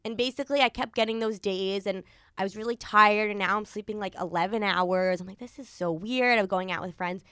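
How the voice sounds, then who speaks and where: A woman's voice: mid-range voice, steady tone, fairly quick, a bit bright, clear, resonant tone, no room sound, clean studio sound. A woman in her early twenties, a podcast host, telling a personal story in a rambling casual way, full of "like" and quoted thoughts. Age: early 20s. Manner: rambling, lots of likes and quoted inner thoughts.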